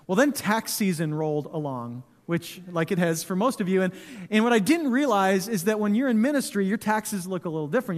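A man in his thirties preaching a sermon in a church, telling stories in a relaxed, conversational way with touches of humor. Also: high voice. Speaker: pastor. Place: church sanctuary. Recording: long hall reverb.

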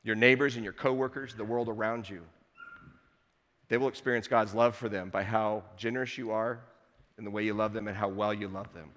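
A man's voice: lowish voice, steady tone, a little fast, a bit bright. Guy giving a sermon in a church, chatty with little jokes, lots of hall echo. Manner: conversational, playful asides to the congregation. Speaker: pastor. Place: church sanctuary.

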